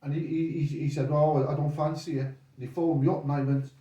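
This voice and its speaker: An older man, appearing as a boxing coach guest, speaks in a slightly fast, higher-pitched voice that sounds distant and off-mic in an echoey room. He wanders through casual stories, animatedly retelling them and putting on the voices of the people involved.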